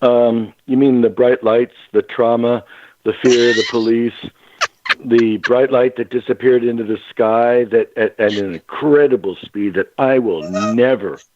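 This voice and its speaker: A man guest on a radio show, telling a story in a lively way that acts out the quotes. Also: mid-range voice, a little slow. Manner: animated, acts out quotes, laughs at himself. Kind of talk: casual storytelling on a radio call-in. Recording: tinny phone line.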